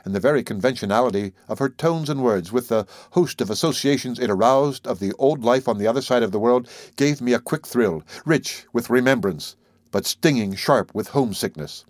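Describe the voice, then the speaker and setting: A man giving a measured, even literary narration of a classic novel as an audiobook reader. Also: mid-range voice, no echo, clean studio sound.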